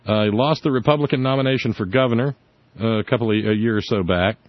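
A podcast host runs a casual political chat show, sardonic and rambling, restarting his sentences often. His low voice moves quickly, and the recording is dull, lo-fi, and dry with no echo.

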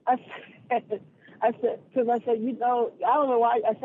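A man with a high voice calls in to a radio talk show and tells his story with animated indignation and quick retorts. His voice comes through a thin, tinny phone line, with a faint hiss underneath. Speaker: radio call-in caller. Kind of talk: casual storytelling on a call-in show.

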